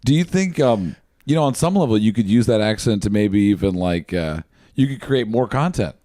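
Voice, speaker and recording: A man's voice: fairly low pitch, expressive, normal speed, warm tone, no echo, clean studio sound. A man hosting a podcast, asking eager questions and riffing along with his guest's jokes in casual chat. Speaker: podcast host.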